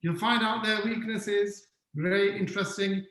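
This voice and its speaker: High-voiced man giving an interactive talk. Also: fairly even intonation, a little slow, few pauses, fairly bright tone, roomy sound, rough recording. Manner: questions the audience often, repeats key points. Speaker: webinar speaker on leadership. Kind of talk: interactive online lecture.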